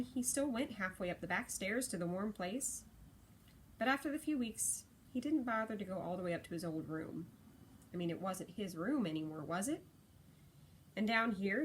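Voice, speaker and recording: A woman narrating a story in a gentle storytelling manner. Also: medium pitch, slight background noise, rough recording. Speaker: audiobook narrator.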